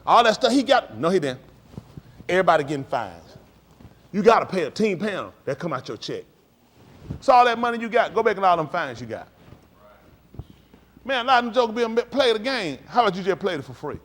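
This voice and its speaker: A man with a high voice talks to his congregation in a casual, blunt way. His pitch swings widely as he jokes, acts out plays and rants. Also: a little fast, long pauses. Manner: animated, joking and acting out plays; blunt, ranting. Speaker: speaker addressing a congregation. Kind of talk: casual, animated talk to a congregation.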